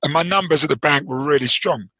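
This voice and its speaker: A man with a London accent talks through his coaching approach in an interview. His voice is bright and a little husky, and it sounds dry and close. He is explanatory and circles back with repeated words as he thinks. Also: a little high, fast, no echo, rough recording. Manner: thoughtful, explanatory, with frequent restarts and repeated words. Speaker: trading performance coach, interview guest. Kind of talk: interview conversation.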